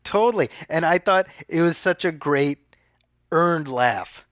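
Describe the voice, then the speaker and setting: A man's voice: on the high side, lively intonation, fairly bright tone, no room sound, studio quality. A man co-hosting a podcast, casually discussing a movie, agreeing readily and laughing at the darker jokes. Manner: chatty, agreeable, quick laughs. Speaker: podcast co-host.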